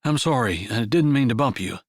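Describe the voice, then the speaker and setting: A man playing a grown farmer and father who speaks low and calm. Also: fairly quick, breathy edge, no room sound, studio quality. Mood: apologetic. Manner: low, hushed, parental.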